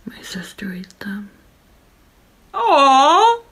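A woman's voice: high voice, huge pitch swings, very slow, fairly bright tone, a little hiss or hum. A woman doing casual, goofy reaction commentary on funny clips as a YouTuber. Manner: goofy, joking, swings into silly voices.

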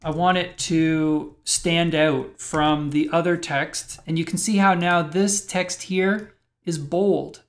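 A man's voice: on the high side, fairly even intonation, slow. A man teaching web programming in a screencast lecture, thinking aloud and explaining step by step as he types.

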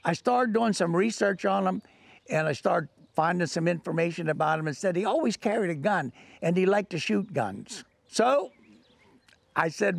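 Gravelly older man spinning a folksy yarn. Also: high voice, expressive, normal speed, dry recording. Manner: folksy, rambling with restarts. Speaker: author and storyteller. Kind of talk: telling an anecdote.

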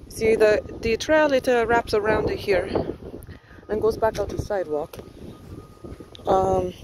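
A woman's voice: mid-range voice, background noise. A woman speaking in a put-on Spanish accent, giving a rambling, casual walking tour outdoors and recording on a handheld phone. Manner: chatty, rambling, thinking aloud with many fillers. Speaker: vlogger giving a neighborhood tour. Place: outdoors, walking around a pond in a housing development.

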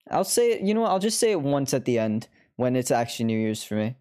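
A woman's voice: very deep voice, very animated, fast talker, dark tone. A woman streamer chatting through live gameplay commentary, laughing often and swearing freely.

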